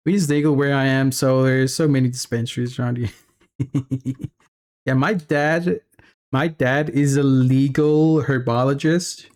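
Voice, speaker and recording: A man's voice: medium pitch, a little mellow. A man chatting casually on a live stream while working, rambling through stories and laughing often. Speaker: streamer and 3D artist.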